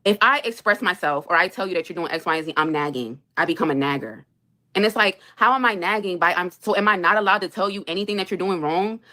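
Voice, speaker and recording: A woman's voice: on the low side, fast talker, pushed and bright. A young woman on a live stream, venting about her marriage in an exasperated, emphatic way and repeating her points. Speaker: livestreamer reacting to super chats. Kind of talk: heated live-stream rant.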